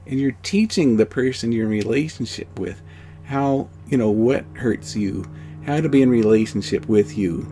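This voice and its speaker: A man teaching a spiritual course outdoors in a gentle, conversational way. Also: mid-range voice, moderate pace, faint music behind. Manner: gentle, conversational, many "you know"s.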